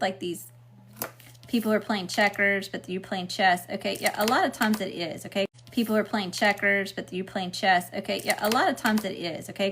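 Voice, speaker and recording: A middle-aged woman talks through a tarot spread in a loose, casual way, tagging almost every point with "okay?" or "right?" Her voice sits at a middle pitch, and she swears freely. A faint noise runs behind her. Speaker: tarot reader. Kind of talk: casual spiritual tarot reading.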